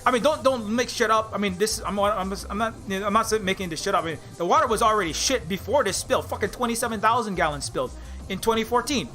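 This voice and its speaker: A man's voice: high-pitched, fast talker, pushed and bright, faint music behind. A man from Hawaii, ranting angrily and sarcastically, with lots of swearing, in a casual vlog. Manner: angry profane ranting, sarcastic. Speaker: indie game developer. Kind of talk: casual rant.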